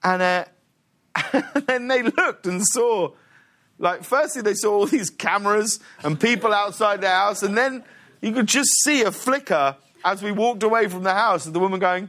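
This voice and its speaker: A man telling a story as a talk show guest, animated, laughing and acting out quotes. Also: high voice, normal speed. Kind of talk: casual anecdote telling.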